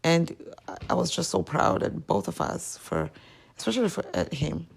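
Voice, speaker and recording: A woman's voice: low-pitched, wildly swooping pitch, normal speed, creaky, breathy edge. A woman hosting a podcast, talking candidly and emotionally about a past relationship in a confessional monologue. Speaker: podcast host.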